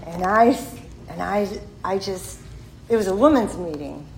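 A woman's voice: medium pitch, expressive, a little slow, gravelly, darkish tone, slight background noise, low-quality recording. A woman in her sixties giving a candid, self-deprecating personal testimony at a recovery meeting. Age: 60s. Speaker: member sharing at a recovery meeting.

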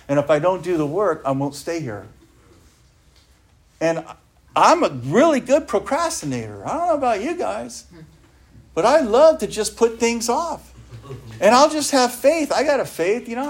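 A man giving an earnest recovery talk, speaking emphatically and often asking his listeners rhetorical questions. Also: a little high.

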